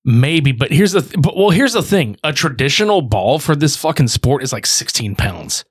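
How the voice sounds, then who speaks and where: A man's voice: fairly high pitch, sing-song, moderate pace, slightly rough. A man co-hosting a casual podcast chat in a laid-back, profane, joking way.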